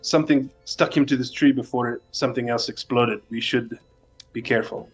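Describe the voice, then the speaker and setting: A man's voice: mid-range voice, steady tone, fairly quick, breathy edge, soft background music. Man, tabletop player, eager chat, dull lo-fi recording. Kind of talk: casual chat.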